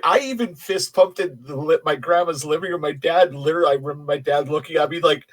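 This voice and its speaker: A man in casual chat, enthusiastic and quick to act out lines. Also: fairly high pitch, a bit bright.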